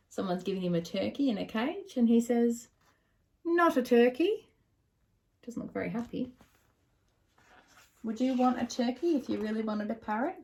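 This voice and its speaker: A woman reading picture books aloud to children, animated and asking them questions. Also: on the high side. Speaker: children's storyteller.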